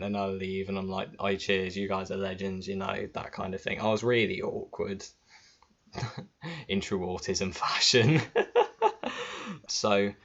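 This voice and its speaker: Low-voiced guy on a laptop mic. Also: fairly bright tone. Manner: chatty and informal, swears freely. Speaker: vlogger. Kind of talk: casual storytelling to camera. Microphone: built-in laptop mic. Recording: dull lo-fi laptop audio.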